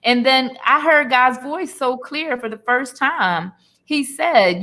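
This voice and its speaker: A woman in her forties speaks as an interview guest, telling her life story with earnest emotion and talk of faith. Her voice is bright and forceful, sitting a little high. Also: slow pace. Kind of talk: candid personal testimony.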